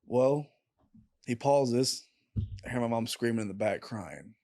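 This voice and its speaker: A young man, a podcast guest, telling a painful personal story in a candid, halting way and swearing freely. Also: mid-range voice, warm tone, no echo, clean studio sound. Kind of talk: casual storytelling.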